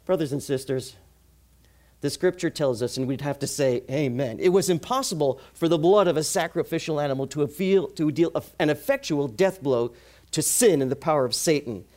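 A male preacher delivering a sermon in an animated way, asking the congregation rhetorical questions. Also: fairly high pitch, moderate pace.

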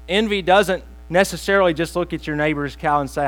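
A man preaching a sermon, telling a joke with slow pauses and plain asides to the congregation. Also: a little high, a bit bright, poor audio. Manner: storytelling with pauses, self-deprecating asides. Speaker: pastor.

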